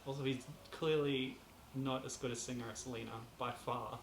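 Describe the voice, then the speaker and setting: A man co-hosting a podcast, making dry, deadpan quips in casual chat. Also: medium pitch, moderate pace. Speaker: podcast co-host. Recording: echoey home room, slight noise.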